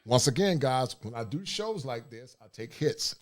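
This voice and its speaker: A blunt man hosts a casual livestream and talks in a streetwise, preachy way. His voice sits at an ordinary middle pitch. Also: animated, moderate pace. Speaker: livestream host.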